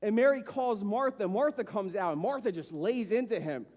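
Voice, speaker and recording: A man's voice: animated, normal speed, a little mellow. A man pastor preaching a sermon with passion, acting out the voices of people he quotes. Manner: impassioned, acts out dialogue with rising pitch. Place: church sanctuary. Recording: long church hall reverb.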